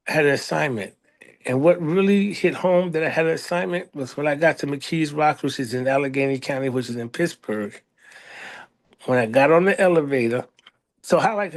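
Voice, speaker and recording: Man, middle-aged, from the US, slightly high voice, animated storyteller, voices other people, casual interview. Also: creaky. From United States. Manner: animated storyteller, voicing others in a raised pitch. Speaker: librarian, interview guest.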